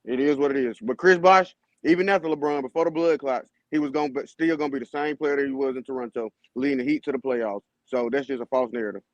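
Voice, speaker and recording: A man on a basketball podcast panel, arguing his side in casual heated debate with quick comebacks. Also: medium pitch, no echo, dull audio.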